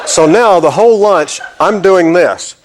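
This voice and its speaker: A man's voice: high-pitched, measured pace, background noise. A middle-aged man with a drawl spins a long anecdote as a talk show guest. He acts out his own irritation as he goes. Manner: drawling storyteller, acting out exasperation.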